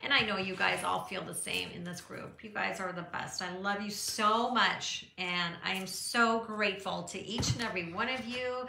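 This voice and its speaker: A woman's voice: medium pitch, normal speed, gravelly, hardly any pauses, bright, forceful tone, reverberant, a little hiss or hum. A middle-aged woman hosting a casual live chat from her art studio, gushing and encouraging her viewers, with plenty of fillers along the way. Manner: chatty with frequent fillers.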